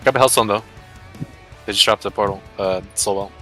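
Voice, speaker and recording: A man's voice: lowish voice, a little fast, bright, forceful tone, soft background music, low-quality recording. A man in casual gaming voice chat, talkative and explaining game details to his group.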